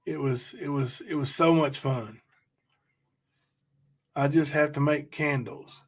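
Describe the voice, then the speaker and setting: A man's voice: fairly high pitch, steady tone, slow pace. A man hosting a casual livestream, chatting loosely and reading out viewer comments. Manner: chatty, rambling, addresses chat directly. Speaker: livestream host.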